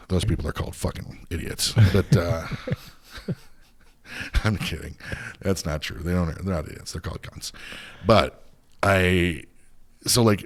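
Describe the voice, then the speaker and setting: Deep raspy-voiced guy on a podcast, swearing nonstop through a rambling rant. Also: a little mellow. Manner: profane, heated, swears constantly; rambling with frequent restarts. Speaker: podcast host. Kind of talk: casual storytelling rant.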